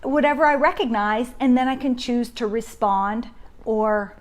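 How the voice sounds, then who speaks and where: A woman's voice: fairly high pitch, a little slow. A woman in her thirties hosting a casual parenting live stream from home on her phone, talking conversationally and acting out inner self-talk. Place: home, indoors. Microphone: phone camera.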